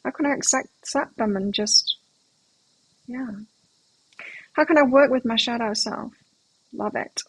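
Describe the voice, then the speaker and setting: A woman's voice: on the high side, unhurried, long pauses, a little hiss or hum, poor audio. A middle-aged woman hosting a live tarot stream, chatting casually and telling rambling anecdotes between readings.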